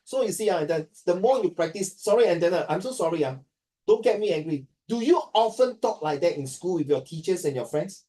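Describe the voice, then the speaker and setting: A man's voice: high voice, lively intonation, fairly quick, mellow, recorded from a distance. A man from Singapore with a Singaporean accent, teaching a class in a joking way and mixing English with Chinese.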